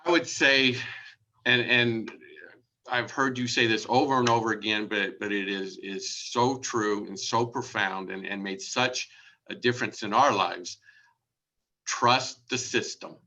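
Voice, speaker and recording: A man's voice: fairly low pitch, fairly even intonation, unhurried, sharp tone. A man, a real estate agent, sharing his approach in an earnest conversational way, often restarting as he builds a point.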